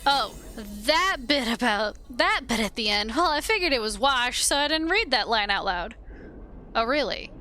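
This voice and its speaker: A woman's voice: fairly high pitch, lively intonation, normal speed, bright, forceful tone, faint music behind. Woman voicing a sly wisecracking male skull. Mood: evasive. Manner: chatty, wheedling, defensive.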